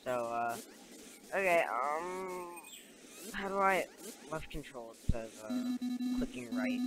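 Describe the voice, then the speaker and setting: A man's voice: sits high, big pitch swings, slow pace, pauses often, music in the background. A young man casually commenting on a game he is playing, rambling, giggling and talking to the characters on screen, recorded on a cheap new microphone. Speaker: let's play gamer.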